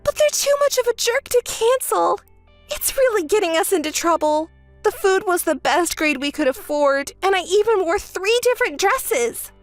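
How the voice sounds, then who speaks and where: A woman doing a shrill, whiny, begging sister. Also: expressive, moderate pace, no echo, faint music behind. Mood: complaining. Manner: desperate and begging. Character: whiny, pleading younger woman in a texting story. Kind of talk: dramatized texting-story reading.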